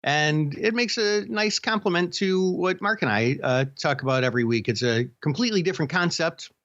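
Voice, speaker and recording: A man's voice: fairly high pitch, fairly quick, a bit bright, no echo, dull audio. A man co-hosting a casual podcast chat, telling stories with many restarts and fillers. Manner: rambling storyteller with many restarts. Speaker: podcast co-host.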